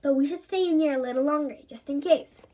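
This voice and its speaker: A woman reading aloud, voicing a small, cheeky male rabbit with a quick, urgent storybook voice. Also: high-pitched, dark tone, close to an everyday voice.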